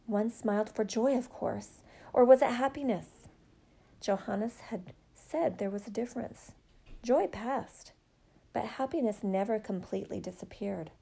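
Gravelly, mellow woman storyteller. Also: mid-range voice. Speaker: narrator. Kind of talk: audiobook reading of a novel.

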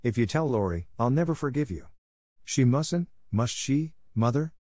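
A man's voice: mid-range voice, expressive, moderate pace, warm tone, no echo, pitched above the performer's own voice, lightly acted. A bashful, self-reproachful young woman from a classic storybook , voiced by a man reading aloud. She speaks in a lifted, earnest tone, recorded close and dry. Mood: confiding. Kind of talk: audiobook character reading.

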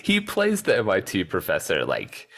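A man's voice: deep voice, moderate pace. A man co-hosting a podcast, chatting casually about a film, laughing easily and poking fun at himself. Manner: laughs easily, lively and self-deprecating. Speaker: podcast co-host. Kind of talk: casual chat about a movie.

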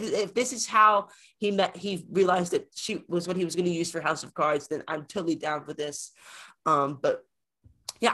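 A man's voice: high-pitched, fairly bright tone. Rambling male podcast co-host. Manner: rambling, repeats words while thinking. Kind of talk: casual film review chat.

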